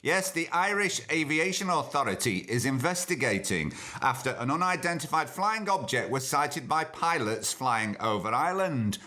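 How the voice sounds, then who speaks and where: A man's voice: a little high, lively intonation, moderate pace, few pauses, sharp tone. A man hosting a podcast as a casual, jokey monologue full of sardonic asides. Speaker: podcast host.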